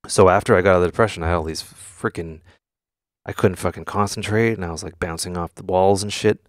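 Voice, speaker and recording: A man's voice: low voice, fairly even intonation, fast talker, no room sound. A man hosting a casual live stream from his studio, talking candidly, swearing often and answering questions from chat. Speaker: music producer streamer. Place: home studio.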